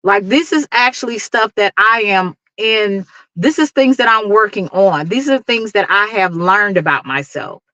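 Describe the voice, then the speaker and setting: A woman's voice: medium pitch, expressive, moderate pace, pushed and bright, no room sound. A middle-aged woman with a Dallas accent, giving an emphatic, preachy motivational talk to her livestream viewers and laughing often. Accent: Dallas, Texas. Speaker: YouTube livestream host.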